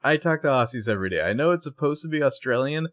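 A man's voice: mid-range voice, expressive, fast talker. A man co-hosting a podcast, recapping a show in casual chat, swearing freely and laughing often. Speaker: podcast co-host.

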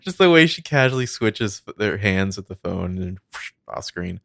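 A man's voice: sits low, expressive, moderate pace, vocal fry, a bit bright, no room sound, clean studio sound. A man co-hosting a casual movie podcast, rambling with lots of fillers and swearing. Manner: rambling, filler-heavy, profane. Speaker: podcast co-host.

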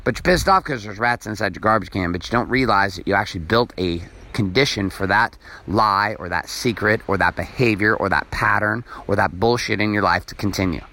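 A man's voice: fairly low pitch, brisk, gravelly, sharp tone. A man hosting a motivational podcast, talking bluntly and emphatically with plenty of swearing. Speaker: podcast host. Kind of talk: motivational monologue.

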